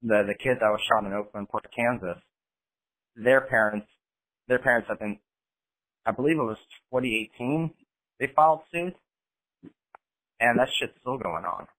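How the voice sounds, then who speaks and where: This man keeps a middle-pitched, ordinary voice, and his talk is animated and blunt, with casual swearing. He speaks like a podcast host talking across the table to a co-host. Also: normal speed, pauses often, rough recording.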